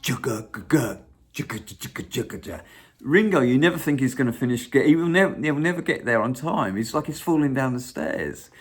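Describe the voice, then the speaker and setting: A little fast and barely pausing, this animated channel host talks in a mid-range voice. His casual, meandering monologue is peppered with swearing, humming, and fragments of songs.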